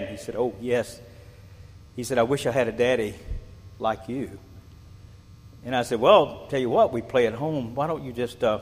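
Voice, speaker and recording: Older male pastor preaching in a hall. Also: medium pitch. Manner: animated, repeats words and rhetorical questions. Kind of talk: sermon. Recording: long reverb in a large hall.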